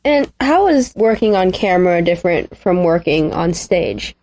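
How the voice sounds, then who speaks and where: A woman's voice: fairly low pitch, animated, normal speed, darkish tone, no room sound. A woman hosting a podcast interview, asking questions and giving short, encouraging affirmations.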